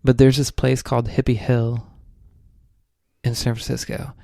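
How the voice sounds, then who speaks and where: A man's voice: medium pitch, flat delivery, unhurried, gravelly, dark tone, no room sound, clean studio sound. A young man, a podcast co-host, telling a rambling spiritual story in casual chat, full of "like"s.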